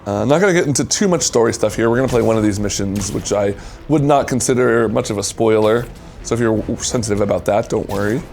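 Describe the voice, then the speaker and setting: A man's voice: on the low side, fast, creaky, a little mellow, faint music behind. A man hosting a video game showcase, casually commenting and explaining as he plays, eager to show things off. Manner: eager, explaining while playing. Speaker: host demonstrating a video game.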